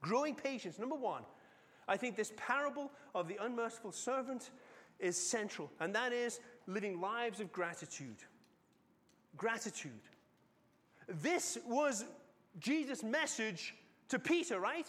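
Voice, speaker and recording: Middle-aged male pastor, high voice, dramatic sermon delivery, long hall reverb. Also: very animated, measured pace. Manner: dramatic storytelling, swinging from loud to hushed.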